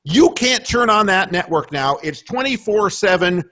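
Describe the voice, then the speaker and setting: On his radio show, a high-pitched man with lively intonation and a fairly bright tone rants angrily and profanely about politics. He speaks at a moderate pace with hardly any pauses, emphatic and indignant, tripping over words and repeating himself as his anger builds.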